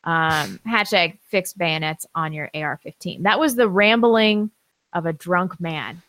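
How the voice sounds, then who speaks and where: A woman's voice: fairly low pitch, unhurried, a bit bright, dry recording. Dry-sounding woman reading listener messages. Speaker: podcast co-host reading chat messages. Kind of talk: casual call-in show chat.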